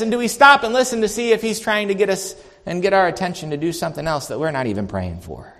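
A man preaching a sermon as pastor, animated and swinging between loud and soft. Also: sits high, fast, hardly any pauses. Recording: long reverb of a large hall.

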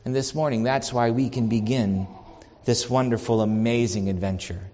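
Animated male pastor in a reverberant hall. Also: medium pitch, normal speed. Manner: animated, swings loud and soft, acts out quotes. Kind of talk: sermon. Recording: long reverb of a large hall.

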